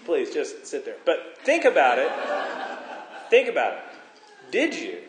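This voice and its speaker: Middle-aged male pastor, animated sermon, higher voice with wide swings, roomy church sound. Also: a little slow, background noise. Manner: animated, joking, rhetorical questions. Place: church hall. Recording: echoey church hall.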